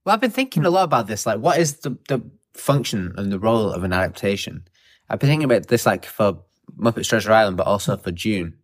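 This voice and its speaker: A man's voice: fairly low pitch, expressive, fast. A man co-hosting a podcast, chatting casually about a film and acting out quotes from it with laughter. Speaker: podcast co-host.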